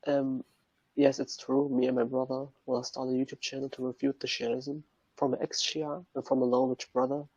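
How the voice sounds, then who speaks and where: A young man from Germany, a guest in an online interview, speaking halting non-native English mixed with Arabic phrases. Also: medium pitch, flat delivery, darkish tone, slightly rough, dry recording, highs cut off. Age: young adult.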